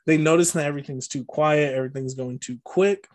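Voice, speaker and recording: A man's voice: a little high, brisk, darkish tone. A man co-hosting a podcast, casually recapping a movie plot with lots of fillers and frequent laughs. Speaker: podcast co-host.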